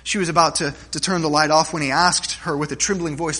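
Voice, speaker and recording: A pastor with a fairly high, steady, sharp-toned voice preaches to his congregation fairly quickly with hardly any pauses. Conversational and joking, he tells humorous stories, often asks "right?", and frequently restarts his phrases.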